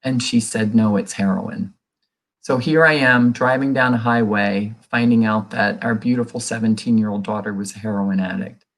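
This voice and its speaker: A woman's voice: extremely low pitch, moderate pace. Earnest middle-aged woman telling her story. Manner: earnest, reenacts quoted dialogue in her telling; many fillers and restarts, conversational. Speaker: guest sharing a recovery story. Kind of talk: personal storytelling in an interview.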